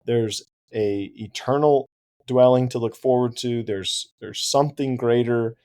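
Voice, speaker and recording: Brief: mid-pitched male podcast co-host, animated and quick to laugh. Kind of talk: casual book discussion.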